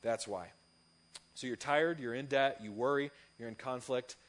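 A man, a youth pastor, giving a sermon full of lively, funny personal stories. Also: medium pitch, normal speed. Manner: lively storytelling, animated and humorous.

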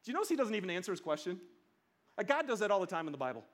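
High-voiced pastor, chatty sermon. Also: male voice, very fast. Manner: lively, chatty preaching with playful asides and repeated words. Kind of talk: casual conversational sermon.

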